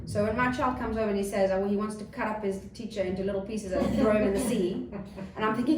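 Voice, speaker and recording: A woman's voice: medium pitch, fast talker, hardly any pauses, slight background noise. Earnest woman teaching in an echoey room. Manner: earnest, animated when acting out a child's outbursts. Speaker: parenting teacher. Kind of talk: lecture to a group. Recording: echoey room, mic at a distance, faint ambience.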